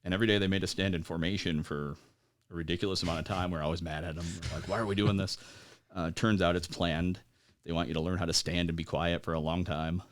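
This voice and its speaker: A man with a very low voice talks through his memories as an interview guest. He hesitates often, fills gaps with "uh" and "you know," and laughs wryly at dark moments. He is an American veteran in his forties. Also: little pitch movement. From United States. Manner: halting, many fillers, laughs at grim moments. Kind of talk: conversational interview storytelling.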